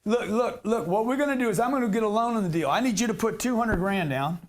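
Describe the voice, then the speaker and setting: Brash high-voiced seminar speaker man. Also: expressive, fast. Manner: brash, slangy, joking. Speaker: real estate seminar speaker. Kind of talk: live seminar talk to an audience.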